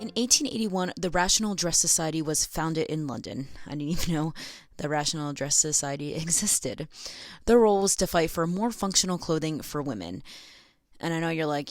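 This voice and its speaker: A woman's voice: sits low, expressive, brisk, no room sound, clean studio sound. A young American woman hosting a casual educational vlog, sarcastic and chatty, laughing between lines. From United States. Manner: sarcastic, giggly, chatty asides. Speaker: video essay host.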